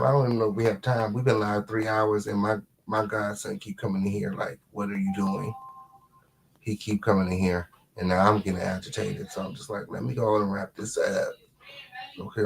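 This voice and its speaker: A man hosting a casual live commentary stream at home, sassy and full of repeated drawn-out catchphrases. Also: on the low side, level tone, vocal fry. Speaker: livestream host.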